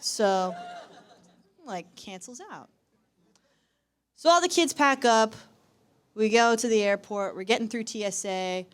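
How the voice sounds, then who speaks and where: A young woman tells a personal story as stand-up, her delivery wry and self-deprecating. Her pitch sits in the middle range. She is performing live on a university stage. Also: smooth. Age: young adult. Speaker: student performer.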